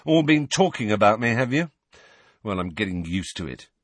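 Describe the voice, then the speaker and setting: A man's voice: lowish voice, sing-song, moderate pace, breathy edge, no room sound. A man reading aloud and voicing a stiff, resentful teenage boy in an audiobook. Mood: sullen. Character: sullen, defensive teenage boy.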